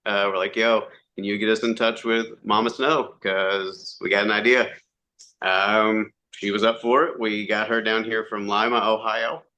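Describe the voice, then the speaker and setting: Bright-voiced man telling stories. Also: lowish voice, moderate pace, slight background noise. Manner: animated storyteller, acts out quotes, swears freely. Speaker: podcast guest. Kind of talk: casual storytelling interview.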